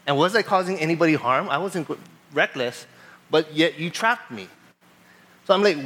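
A man preaching as pastor, telling a personal story in a casual, animated way and reading scripture aloud. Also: a little high. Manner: casual storytelling, animated retelling of a traffic stop; reads scripture aloud in a measured voice. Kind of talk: sermon.

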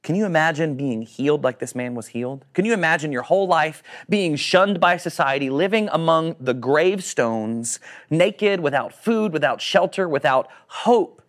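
Male pastor, fairly high-pitched voice, lively sermon delivery with acted-out quotes. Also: normal speed. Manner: animated, acts out quoted voices, asks the congregation questions.

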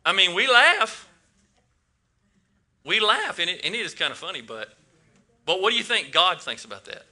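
A man's voice: sits high, sing-song, normal speed, pushed and bright. A man preaching a casual sermon to a congregation, asking them questions and often repeating his words.

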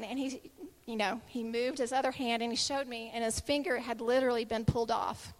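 A middle-aged woman giving a sermon, telling a personal story in an animated way and acting out the voices of the people in it. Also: a little high, normal speed, in a large hall. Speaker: speaker giving a Christian talk.

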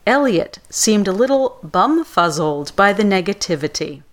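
A woman's voice: mid-range voice, sing-song, normal speed. Chatty woman podcast co-host. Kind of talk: casual podcast banter.

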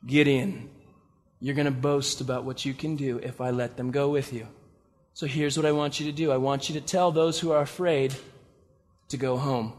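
A man preaching, voicing a calm, commanding male deity in a low, measured tone. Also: close to an everyday voice. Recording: long reverb of a large hall.

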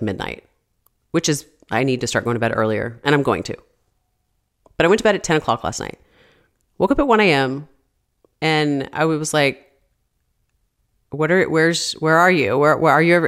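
A woman in her thirties hosting a podcast, telling a story casually, peppered with "like" fillers and swearing. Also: deep voice. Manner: chatty, constant "like" fillers, frequent swearing. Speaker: podcast host.

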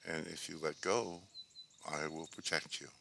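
A man voicing a calm, kindly angel who speaks gently and reassuringly in a spoken story. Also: extremely low pitch, measured pace, gravelly, a little hiss or hum, full character voice.

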